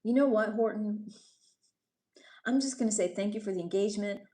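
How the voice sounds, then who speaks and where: A woman's voice: medium pitch, brisk, dark tone. A woman from New York City hosting a livestream, chatting casually with viewers, reading their comments and teasing or scolding them. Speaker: livestream host. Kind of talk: casual live-stream chat reading comments.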